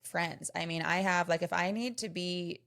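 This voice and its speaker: A woman with a gravelly, creaky edge and a fairly low voice gives encouraging advice as a podcast co-host. She speaks in relaxed, casual chat. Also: normal speed.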